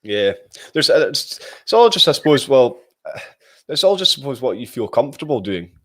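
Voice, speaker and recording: A man's voice: medium pitch, sing-song, fairly quick, fairly bright tone. A young Scottish man chatting casually as a guest, rambling with lots of fillers and restarts. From Scotland. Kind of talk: casual video call chat.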